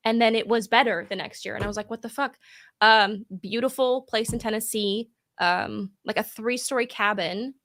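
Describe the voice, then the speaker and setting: A woman's voice: fairly high pitch, fairly even intonation, normal speed, few pauses, fairly bright tone, no echo, clean studio sound. A woman co-hosting a call-in dating show in casual chat, bubbly and blunt, laughing often and swearing freely while sipping whiskey. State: drinking whiskey.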